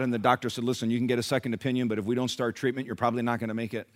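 A man preaching a sermon, dropping to a hush and then rising loud and fervent, acting out the people in his stories. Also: medium pitch, little pitch movement, racing. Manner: swings from hushed to loud and fervent; acts out quoted people in raised voices. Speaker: pastor.

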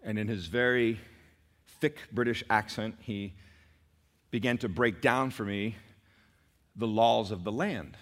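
A man's voice: fairly low pitch, normal speed, a bit bright. A middle-aged male pastor preaching a sermon in a conversational way, with asides to the congregation and rising emphatic peaks.

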